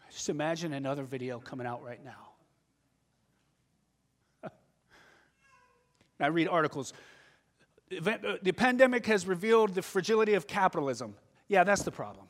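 A middle-aged man preaching a sermon, telling stories animatedly and swinging from loud outbursts to hushed asides. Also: high-pitched. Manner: animated storytelling with sudden shifts from loud to hushed. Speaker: pastor. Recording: long hall reverb.

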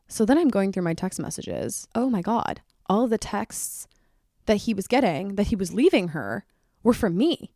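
A woman's voice: medium pitch, moderate pace, no room sound, clean studio sound. A young woman hosting a solo podcast, chatty and full of "like", her voice jumping up when she gets worked up. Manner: chatty, fills speech with "like"; excitable, voice jumps up when worked up. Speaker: podcast host.

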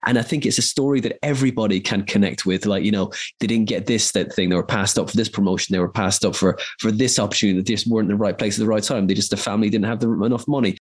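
A man's voice: on the low side, fairly even intonation. A man in his forties from Ireland, a voice actor telling long, rambling stories in a casual interview. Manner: rambling anecdotal storyteller, quick bursts.

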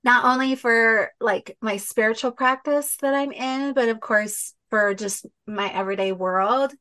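A woman's voice: fairly high pitch, measured pace, pushed and bright. A woman hosting a podcast, chatting casually and rambling with many fillers and restarts. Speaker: podcast host. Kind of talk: casual heartfelt chat.

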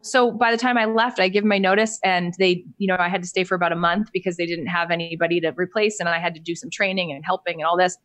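A business coach appearing as a guest on a podcast tells her story in casual interview talk, animatedly acting out the people she quotes with big upward jumps in pitch. Her voice is lowish, and she talks fast with few pauses.

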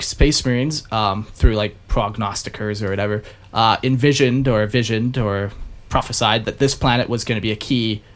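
A man's voice: medium pitch, fairly bright tone. A man in casual podcast chat, rambling through game lore with frequent fillers and laughter.

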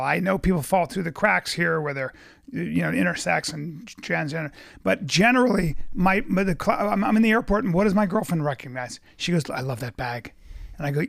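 A man in his forties, chatting casually and telling animated, profane stories, acting out quotes. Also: high voice, creaky. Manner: animated, swears a lot, acts out quotes. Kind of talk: casual chat, storytelling.

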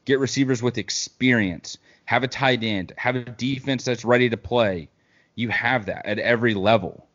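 A man's voice: mid-range voice, normal speed, muffled recording. Rambling man talking football. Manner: relaxed, rambling, with fillers. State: hiccups. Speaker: podcast co-host. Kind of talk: casual sports talk.

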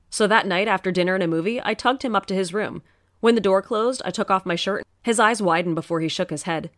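A woman's voice: medium pitch, dry recording, studio quality. A woman narrating a first-person story in an earnest, emotional storytelling manner.

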